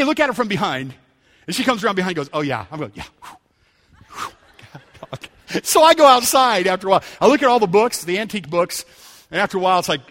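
A man's voice: high voice, fairly bright tone. A man preaching a sermon, telling stories in a conversational way and building to emphatic calls to the congregation. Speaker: pastor. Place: church sanctuary. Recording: church hall reverb.

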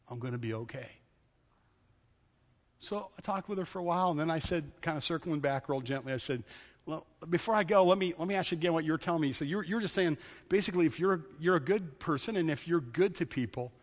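Preacher, male, conversational storytelling sermon, long church reverb. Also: on the high side. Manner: conversational storytelling, lively then hushed and earnest.

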